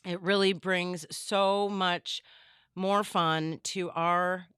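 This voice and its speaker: A middle-aged woman hosting a casual craft livestream from her home studio, bubbly and chatty as she greets viewers by name, her voice a bit worn and hoarse. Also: on the low side, steady tone, extremely slow, a bit bright, no room sound. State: losing her voice. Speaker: livestream host.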